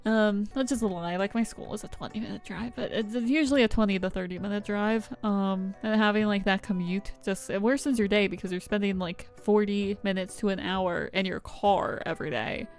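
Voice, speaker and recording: A woman's voice: mid-range voice, steady tone, brisk, hardly any pauses, soft background music. Chatty young woman streaming a game. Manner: rambling, chatty, heavy use of "like". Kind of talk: casual gameplay commentary.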